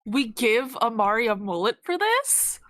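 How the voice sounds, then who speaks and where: A woman's voice: on the high side, sing-song, a little slow, crowd noise. A woman guest chatting casually on a stream, with playful, dry jokey asides. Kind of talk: casual chat.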